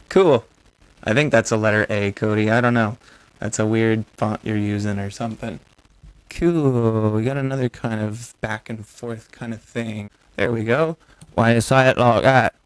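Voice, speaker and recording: His voice lowish and clean with no room sound, a young man hosts a music-making video. He's a producer who keeps up casual chatter and reads viewer comments while he works on a song.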